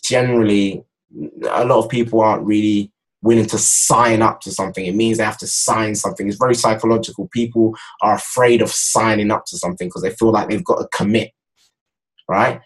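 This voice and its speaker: A young man giving a casual, energetic sales training talk, repeating his points and addressing viewers as "guys". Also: lowish voice, a little fast, rough recording. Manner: energetic, repetitive, speaks straight to viewers as "guys". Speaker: network marketing trainer.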